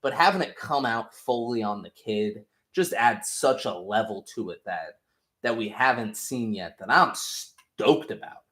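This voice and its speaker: Young man, casual podcast host, rambling, profane, low voice, echoey room. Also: expressive, unhurried, fairly bright tone. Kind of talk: casual recap review. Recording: roomy echo.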